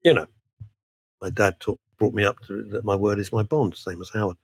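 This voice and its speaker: A man's voice: lowish voice, brisk, husky, no room sound. A man, a veteran broadcaster talking as a guest in a podcast interview, emphatic and full of asides. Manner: animated, emphatic, frequent laughs and asides.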